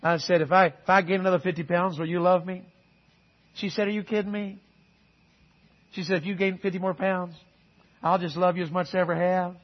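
A middle-aged man preaching a sermon, swinging from loud exhortation to quiet earnest asides and calling on the congregation for amens. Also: high-pitched, fairly even intonation, fairly quick, long pauses, dull audio. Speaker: guest preacher.

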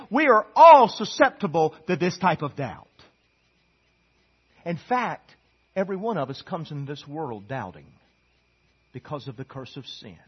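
Husky high-voiced preacher. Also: male voice. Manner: animated, preaching with sudden loud bursts and chuckles. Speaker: pastor. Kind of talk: sermon. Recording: dull lo-fi sound.

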